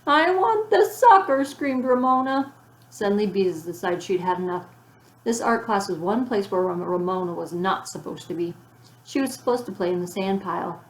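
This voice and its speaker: A woman calmly narrating a children's storybook, recorded with a roomy echo. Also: mid-range voice. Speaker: audiobook reader.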